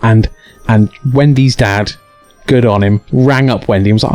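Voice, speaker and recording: A man's voice: fairly low pitch, moderate pace, soft background music. A young man hosting a live stream, telling a story with many restarts and acted-out quotes. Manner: animated, stammering restarts, acts out quotes. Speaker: streamer host.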